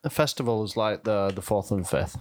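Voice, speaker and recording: A man's voice: on the low side, lively intonation, fairly quick, background noise. A man co-hosting a podcast chat, teasing and wisecracking with casual swearing. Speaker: podcast co-host.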